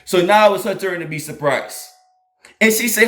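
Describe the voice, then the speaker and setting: A man's voice: sits high, moderate pace, a bit bright. A man, telling a personal story to his online audience, often laughing and repeating lines for emphasis. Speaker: host of a faith channel. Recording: echoey room.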